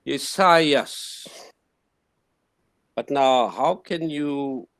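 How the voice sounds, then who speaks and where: A man teaches a class at an unhurried pace. He explains patiently, restarting his sentences as he works through each point. His voice is mid-pitched, and the sound is dry and close. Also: lively intonation, no room sound. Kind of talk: classroom lecture.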